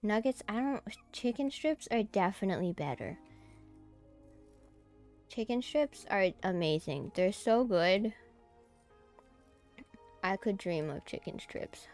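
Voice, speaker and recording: A woman's voice: medium pitch, lively intonation, takes it slowly, long pauses, a little mellow, faint music behind. A woman streamer chatting casually as she plays a game, easily startled and giggly. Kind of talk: casual gameplay commentary.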